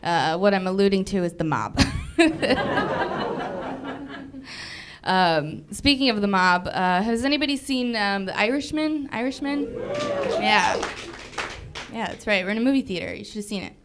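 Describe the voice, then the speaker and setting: A woman's voice: medium pitch, expressive, a little slow, long pauses, background noise. Young woman doing stand-up. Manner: chatty, self-deprecating storytelling. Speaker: stand-up comedian. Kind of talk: stand-up comedy set. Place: movie theater stage before a live audience.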